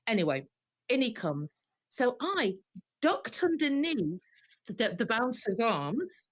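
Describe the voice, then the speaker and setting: A woman singer tells stories in an interview, her pitch leaping all over as she acts out what people said. The sound is dry and close, with no room around her. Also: takes it slowly, dry recording. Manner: lively, animated anecdotes with acted-out quotes. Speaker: guest singer. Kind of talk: storytelling interview.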